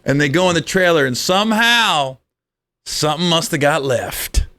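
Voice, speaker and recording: A man's voice: a little high, lively intonation, moderate pace, sharp tone. A man, a comedian guest, telling comic stories in conversation and laughing through them.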